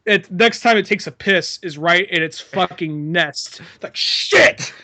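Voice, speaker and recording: A man's voice: high voice, measured pace, bright, forceful tone. A man co-hosting a podcast in casual comedic chat, riffing with lots of swearing and laughter. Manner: profane riffing, acts out voices, laughs often. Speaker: podcast host.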